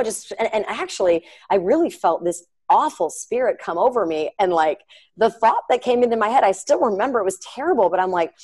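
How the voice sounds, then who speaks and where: A woman's voice: medium pitch, expressive, quick pace, a little mellow, poor audio. A woman co-hosting a podcast, telling a personal faith story in an earnest, chatty way, full of fillers and asides to her listeners. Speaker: podcast co-host.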